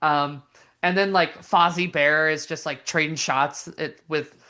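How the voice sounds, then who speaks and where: Young female co-host, lower range, casual giggly banter with many restarts. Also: steady tone, measured pace, bright, forceful tone. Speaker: podcast co-host. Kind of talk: casual chat.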